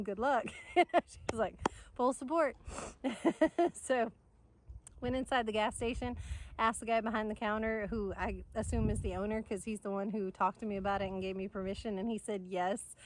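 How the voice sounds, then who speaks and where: A woman, chatty and excitable, telling a story to camera outdoors in the sun and laughing often. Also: mid-range voice, normal speed, a little hiss or hum. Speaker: vlogger.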